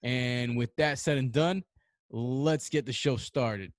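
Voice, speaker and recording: A man's voice: mid-range voice, slow, no room sound, studio quality. A man hosting a casual podcast chat over an online call, laid-back, with many fillers and restarts. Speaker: podcast host.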